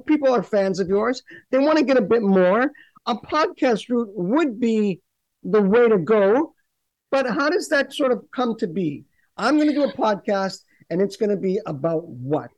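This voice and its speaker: A man's voice: high voice, lively intonation, moderate pace, a little mellow, no echo, rough recording. A man hosting a talk show, interviewing a comedian with long, rambling questions. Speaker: radio show host.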